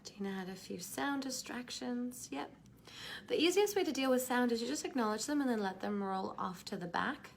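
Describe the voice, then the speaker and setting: A woman teaching a live online class, leading a soft, slow guided meditation that drops at times to a whisper, then chatting fondly with the group, her voice gravelly from smoke. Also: a little high, expressive, a little hiss or hum. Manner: affectionate, calls listeners darlings. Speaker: workshop teacher.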